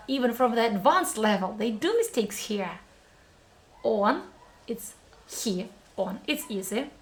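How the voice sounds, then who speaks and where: Woman with a Russian accent, language teacher; higher pitch, slow deliberate delivery, upbeat. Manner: upbeat, slows down and drills words syllable by syllable. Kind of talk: pronunciation lesson.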